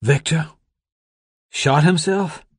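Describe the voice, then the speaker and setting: Male reader as a guilt-ridden man, slow, halting, quiet, dry read. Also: on the high side, husky, no room sound, voice pushed up. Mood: troubled. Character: shaken middle-aged man, guilt-ridden.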